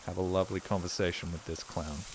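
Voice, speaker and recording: A man's voice: deep voice, flat delivery, quick pace, noisy background. A man streaming a game, rambling with crude, self-mocking jokes in casual commentary.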